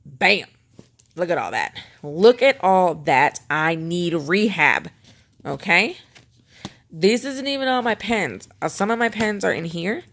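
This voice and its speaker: A woman's voice: fairly low pitch, expressive, measured pace, vocal fry, long pauses, fairly bright tone. A woman vlogger chatting casually and rambling as she shows off her pen collection at home, self-mocking and chatty. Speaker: planner vlogger. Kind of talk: casual show-and-tell chat.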